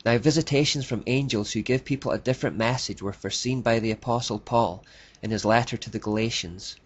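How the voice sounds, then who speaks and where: A man reading scripted documentary narration in a measured, declarative way. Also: mid-range voice, breathy edge. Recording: dull lo-fi dry voice-over.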